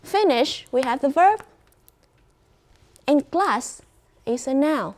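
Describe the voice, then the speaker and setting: An animated woman with a high voice and a Vietnamese accent runs an English class. Speaking slowly and clearly, she offers praise and prompts her students along.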